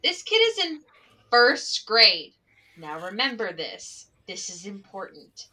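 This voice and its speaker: A young adult woman, a special education teacher, telling stories in a casual podcast chat, animated and swearing freely. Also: medium pitch, takes it slowly, recorded from a distance, poor audio.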